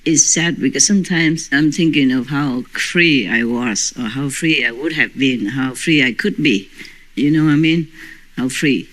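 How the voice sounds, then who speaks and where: A woman's voice: a bass voice, moderate pace, fairly bright tone, rough recording. A woman spiritual teacher talking informally to her disciples, chatty and often breaking into laughter.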